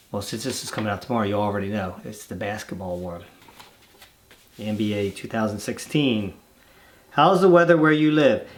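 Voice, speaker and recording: A man hosting his own channel, reading viewer letters aloud and chatting casually between them with rambling, easygoing asides. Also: medium pitch. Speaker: channel host reading fan mail.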